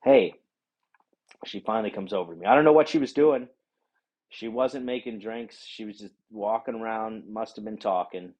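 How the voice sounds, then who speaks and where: A man telling a profane, animated rant about a bad day out, acting out the other people in the story. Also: lowish voice, a little fast, lo-fi sound. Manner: animated, swears a lot, acts out voices of others. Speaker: vlogger.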